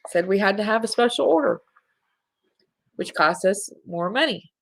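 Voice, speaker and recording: A woman's voice: mid-range voice, animated, moderate pace, vocal fry. A middle-aged woman hosting a live spiritual talk show, speaking in an earnest, heartfelt way to her listeners.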